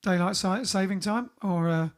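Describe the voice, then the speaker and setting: A man with a high voice speaks at a moderate pace, hosting a casual livestream from his home during lockdown. He's a bandleader, and he reads out viewers' greetings one at a time in a chatty way.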